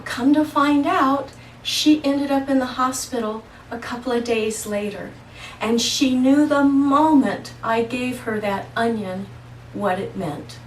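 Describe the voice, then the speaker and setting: Slow, earnest woman in an echoey room. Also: high voice, recorded from a distance, a little hiss or hum. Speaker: holistic practitioner and intuitive. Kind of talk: casual storytelling monologue. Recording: echoey room, voice away from mic.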